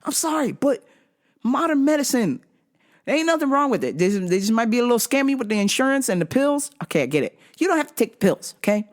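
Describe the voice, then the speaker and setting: A woman hosting a podcast, telling a comic story in an animated, profane way and laughing often. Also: a little high, fast talker. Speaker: podcast host. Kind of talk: casual comedic storytelling.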